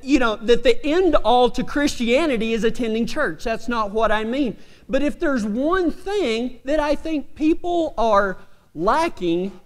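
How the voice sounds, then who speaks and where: A man preaching a sermon, telling a funny story in a folksy, animated country way. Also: extremely high pitch. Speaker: pastor. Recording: reverberant hall.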